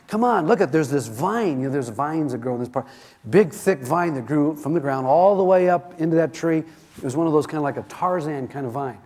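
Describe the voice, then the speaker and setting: A middle-aged man giving a self-help seminar, telling stories in an animated way and acting out the voices in them. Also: fairly high pitch. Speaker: seminar speaker.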